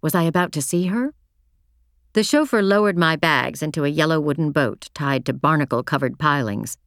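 Female audiobook narrator, low voice, measured reflective first-person read, dry booth sound. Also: no room sound.

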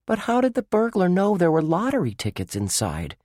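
A squeaky, eager boy full of questions, as a man reading a storybook puts him on. His voice jumps high and lively, dry and close to the mic. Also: a little fast, no echo, exaggerated voice.

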